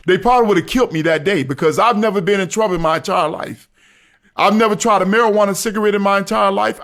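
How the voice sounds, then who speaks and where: A man with a high voice tells his story in a casual way. He is earnest and keeps repeating his main points for emphasis. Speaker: storyteller recounting his arrest.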